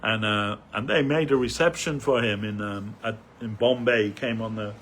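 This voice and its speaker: A man's voice: on the low side, moderate pace, a bit bright, slight background noise. An older man giving a rambling, anecdotal remembrance talk as a devotee speaker at a temple festival, with many fillers, restarts and chuckles.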